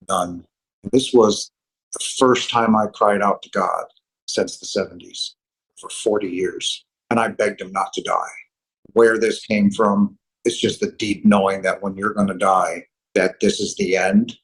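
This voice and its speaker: A man telling his near-death story as earnest, halting personal testimony. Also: sits low, husky, rough recording.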